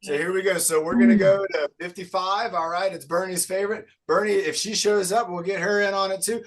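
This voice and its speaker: A man's voice: sits high, fairly even intonation, fairly quick, a loud crowd. A male fitness coach leading a live online group workout, upbeat and encouraging as he counts reps aloud.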